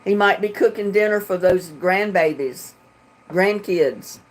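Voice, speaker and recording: A woman's voice: lowish voice, measured pace. A woman from North Carolina with a Southern drawl, chatting casually and laughing often as she reads comments on her livestream from home. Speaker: livestream host reading chat. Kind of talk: casual live chat. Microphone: computer webcam mic.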